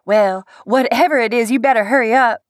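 A woman voicing a sharp-tongued woman who runs a diner, scolding her staff in a raised voice. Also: fairly high pitch, fairly quick, no room sound, studio quality, close to an everyday voice.

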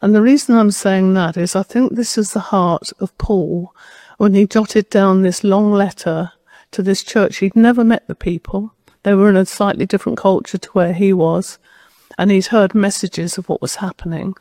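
Woman, preacher, sermon, conversational storytelling, medium pitch, dry close sound. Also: fairly even intonation, normal speed, dark tone, no room sound. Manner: personal storytelling, conversational and direct.

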